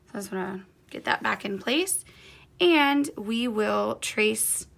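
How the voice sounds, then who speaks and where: A woman teaching a quilting project step by step, her voice carrying a gravelly fry. She chats in an easy, encouraging way while her hands stay busy with the work. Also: mid-range voice, animated, slow pace, fairly bright tone. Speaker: quilting instructor. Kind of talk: hands-on sewing tutorial.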